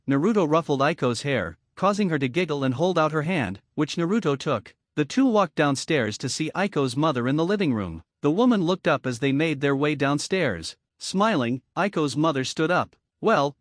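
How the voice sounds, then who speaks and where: Brief: male storyteller, fairly high voice, dry close sound. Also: no room sound. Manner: steady storytelling read. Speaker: narrator. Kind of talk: fan fiction narration.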